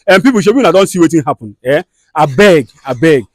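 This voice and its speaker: A man with a Nigerian accent who hosts a comedy skit, scolding and soothing people in fast, direct talk. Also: a little high, lively intonation. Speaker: skit host and mediator.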